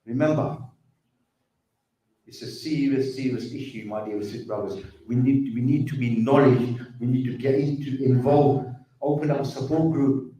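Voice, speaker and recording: In a very echoey hall, far from the microphone, a man with a mellow, medium-pitched voice gives an earnest community talk on drug addiction. He repeats himself and calls those listening brothers and sisters.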